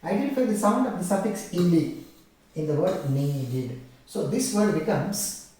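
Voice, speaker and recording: A man's voice: high voice, expressive, moderate pace, dark tone. A man, giving an exam-prep lecture on teaching methods and walking through questions with the key terms repeated. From India. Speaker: English teacher. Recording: very echoey room, voice from a distance.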